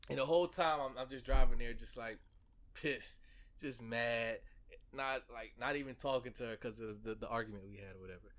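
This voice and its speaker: A man's voice: medium pitch, brisk, fairly bright tone. A young man hosting a podcast, telling a story in a casual, profane way and laughing through it. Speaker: podcast host.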